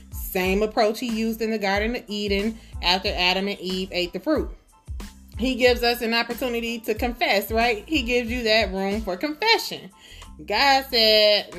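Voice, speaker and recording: A woman teaching a Bible lesson in a lively, conversational and humorous way. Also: fairly high pitch, moderate pace, faint music behind. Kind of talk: casual Bible lesson retelling.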